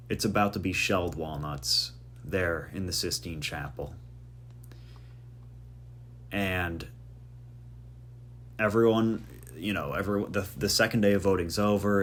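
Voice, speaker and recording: A man hosting a casual podcast monologue, with a somewhat low voice. He rambles from one joke to the next, wandering off on tangents. He pokes fun at himself as he goes. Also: a little slow, long pauses, a bit bright, slight background noise. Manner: rambling, jokey tangents, self-deprecating. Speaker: podcast host.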